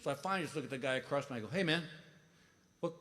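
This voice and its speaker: A middle-aged man telling stand-up comedy stories, animated and acting out voices with big outbursts. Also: medium pitch, racing, big-room sound. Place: comedy stage before a laughing audience. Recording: live show with clear audience noise.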